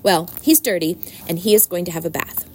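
A woman's voice: fairly low pitch, brisk, a little hiss or hum, lightly acted. A woman voicing a determined, insistent farm wife in a storybook reading. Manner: firm, insistent.

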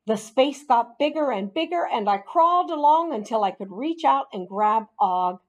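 Woman, storybook narrator, expressive reading, slow and deliberate, very lively pitch. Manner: expressive, animated character reading. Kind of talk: storybook read-aloud.

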